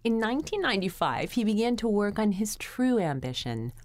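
A woman host reading a scripted introduction of her guest in a clear, scripted delivery. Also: mid-range voice, very animated, brisk, no room sound.

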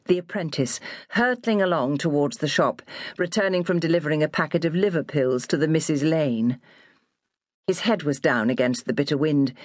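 A woman reading an audiobook aloud in an expressive storytelling style. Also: deep voice, dry recording, clean studio sound. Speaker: audiobook narrator. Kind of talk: scripted narration.

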